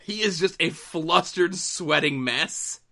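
Casting note: man with a bright, fairly high voice, a dry, wry podcast co-host. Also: slow pace. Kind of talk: casual chat.

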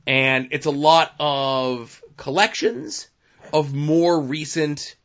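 A man's voice: medium pitch, a bit bright. Chatty man rambling through comic sales. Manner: rambling with many fillers. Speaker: podcast co-host. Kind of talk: casual chat. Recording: dull lo-fi podcast audio.

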